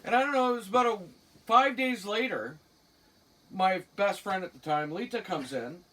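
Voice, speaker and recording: A woman's voice: medium pitch, moderate pace, fairly bright tone, recorded from a distance. A middle-aged woman with a Cape Breton accent, telling a personal story in a blunt, salty way with chuckles. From Cape Breton, Canada. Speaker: storyteller guest. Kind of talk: casual spoken anecdote.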